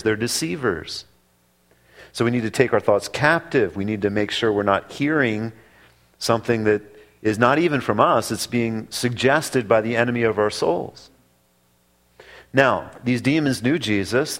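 A man preaching a sermon that works through a passage, speaking deliberately with drawn-out pauses and emphatic repetition. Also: lowish voice. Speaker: pastor. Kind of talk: expository sermon.

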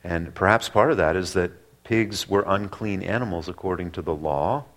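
A man preaching a sermon that works through a passage, speaking deliberately with drawn-out pauses and emphatic repetition. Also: low-pitched, a bit bright. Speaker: pastor. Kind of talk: expository sermon.

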